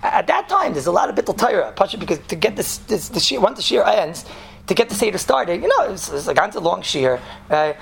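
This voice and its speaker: A man teaching a Torah class as a rabbi, animated and joking, sprinkling his talk with Yiddish and Hebrew terms. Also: high voice, fast, creaky. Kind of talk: lively Torah lecture.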